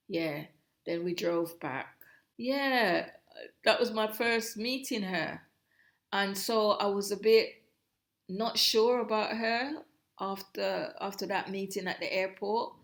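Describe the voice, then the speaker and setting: Middle-aged woman, interview guest; reflective, halting delivery with frequent restarts. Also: medium pitch, fairly even intonation, vocal fry. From Jamaica. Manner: reflective, halting, breaks off and restarts mid-phrase. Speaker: guest, host's mother. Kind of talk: personal storytelling.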